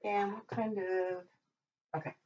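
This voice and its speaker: A woman teaching a language lesson who talks while she writes, pausing and correcting herself as she goes. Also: medium pitch, little pitch movement, darkish tone, a little hiss or hum. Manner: talks while writing, with pauses and self-corrections. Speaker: Hebrew teacher. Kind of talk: slow, patient lesson at a whiteboard. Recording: dull lo-fi recording.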